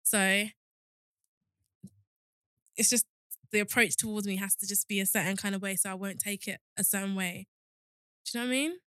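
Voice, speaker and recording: A woman's voice: medium pitch, fairly even intonation, moderate pace, pauses often, sharp tone, dry recording, studio quality. A young woman co-hosting a podcast, talking candidly and laughing easily. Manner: laughing, self-aware, candid. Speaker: podcast co-host. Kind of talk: casual chat.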